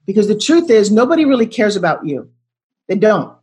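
A woman in her sixties, a motivational coach, talking bluntly and forcefully in an interview and pressing her guest with repeated questions. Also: mid-range voice, big pitch swings, a little fast. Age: 60s.

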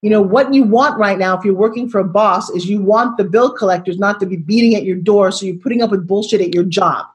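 A woman in her sixties, a motivational coach, talking bluntly and forcefully in an interview and pressing her guest with repeated questions. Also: medium pitch, quick pace, hardly any pauses. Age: 60s.

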